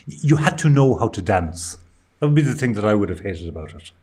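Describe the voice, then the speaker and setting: A man's voice: lowish voice, very animated, fairly quick, a little mellow, breathy edge. A man from Ireland co-hosting a live stream, chatting in a wry, storytelling way. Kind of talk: casual live-stream chat.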